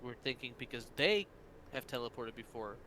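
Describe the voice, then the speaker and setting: Bright-voiced joking man at play. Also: medium pitch, normal speed, a little hiss or hum, poor audio. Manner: joking, animated. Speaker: player. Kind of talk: tabletop game chat in character.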